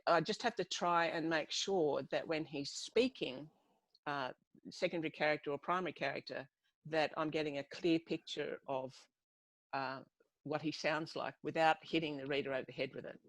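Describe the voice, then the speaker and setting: A woman's voice: sits low, normal speed, no room sound, rough recording. An Australian woman author in a casual video-call chat, musing aloud and searching for her words. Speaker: author guest.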